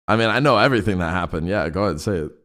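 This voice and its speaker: A young man chatting casually out of character, laid-back and rambling, swearing often and filling pauses with "um" and "like". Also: low-pitched, lively intonation, a bit bright. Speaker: streamer and roleplay group leader.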